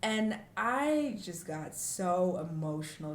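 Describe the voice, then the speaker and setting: A woman from the United States talking frankly and reflectively to camera in a vlog, with fillers and emotional pauses, tearful at times. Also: medium pitch, roomy sound, slight background noise. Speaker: vlogger.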